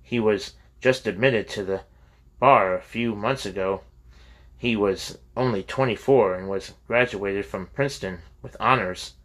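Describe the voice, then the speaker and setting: Guy reading as a quiet earnest college kid, polite, kinda low voice. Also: unhurried. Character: earnest, troubled young male college student.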